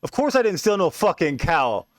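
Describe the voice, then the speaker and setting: A man's voice: high-pitched, very animated, normal speed, no echo, clean studio sound, voice pushed up. A man putting on a frantic old crackhead inmate. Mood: panicked. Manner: frantic, profane, pleading.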